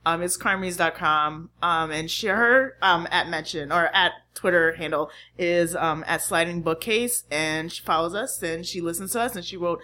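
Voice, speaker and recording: A woman's voice: lowish voice, normal speed, hardly any pauses, sharp tone. A woman from New England co-hosting a podcast, chiming in casually and giggling often. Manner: giggly, chimes in with short replies. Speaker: podcast co-host. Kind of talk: casual chat.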